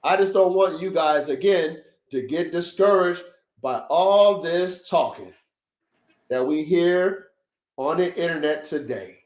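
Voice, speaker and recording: A high-voiced man hosting a dog podcast on a livestream, preaching to his listeners in short, repetitive, swear-laden bursts. His voice rings in a roomy, echoey space. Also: lively intonation, takes it slowly, darkish tone. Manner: emphatic, preachy, repetitive pep-talk with profanity. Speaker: podcast host, dog breeder. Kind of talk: casual livestream podcast talk. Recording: roomy echo.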